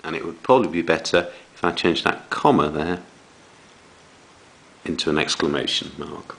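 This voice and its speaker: A man teaching young children a writing lesson, reading examples aloud with slow dramatic emphasis. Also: rumbling low, vocal fry, rough recording. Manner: slow, lively delivery with dramatic read-aloud. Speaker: primary school teacher.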